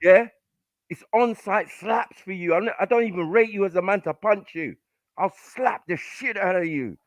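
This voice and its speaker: A man's voice: sits high, moderate pace, no echo. A man hosting a live podcast panel, angrily berating callers with constant swearing. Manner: aggressive, profane, shouting down callers. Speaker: podcast host. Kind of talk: heated live panel argument. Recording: dull lo-fi stream audio.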